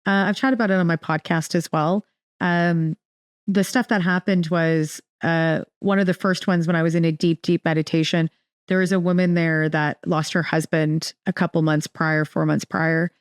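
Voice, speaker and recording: Woman interview guest, lowish pitch, rambling restarts, dry close sound. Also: moderate pace, smooth, no room sound. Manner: rambling, many restarts and fillers, animated retelling. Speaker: podcast guest. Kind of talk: casual interview storytelling.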